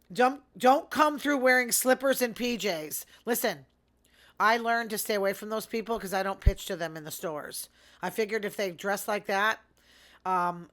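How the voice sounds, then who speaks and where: Fast-talking sarcastic woman host. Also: mid-range voice, fairly bright tone. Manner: chatty, rambling, sarcastic asides; fast talker. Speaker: podcast host. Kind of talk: casual solo commentary.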